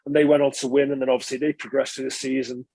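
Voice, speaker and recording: A man, a former rugby player, recalls his career in a relaxed interview, rambling and correcting himself as he goes. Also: mid-range voice, very fast, slightly rough, no room sound. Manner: chatty, rambling recollection, frequent filler and self-correction. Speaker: former professional rugby player, podcast guest.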